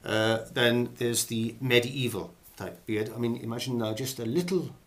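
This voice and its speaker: A man's voice: medium pitch, normal speed, fairly bright tone. A middle-aged man hosting a comic monologue of acting advice, rambling and hesitant with a theatrical flair.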